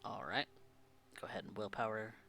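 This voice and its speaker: A man's voice: lowish voice, fairly quick, gravelly, slight background noise. A man narrating a tabletop role-playing game as game master, restarting phrases as he goes. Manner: animated narration with frequent restarts.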